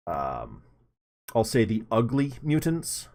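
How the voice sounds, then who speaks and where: A man running a tabletop game as game master, hesitant with many pauses. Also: mid-range voice, lively intonation, slight background noise. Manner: hesitant, many ums and restarts.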